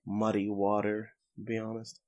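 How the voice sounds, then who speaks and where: A man hosting a podcast in a relaxed, chatty way. He recaps episodes and drops playful jokes and asides as he goes. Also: on the low side, normal speed, muffled recording. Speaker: podcast host. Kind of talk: casual podcast chat.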